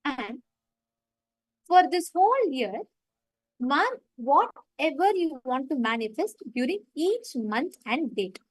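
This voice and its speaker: A woman's voice: sits high, big pitch swings, takes it slowly, no echo, low-quality recording. A woman facilitating a live online meditation session, retelling a story and stressing her points.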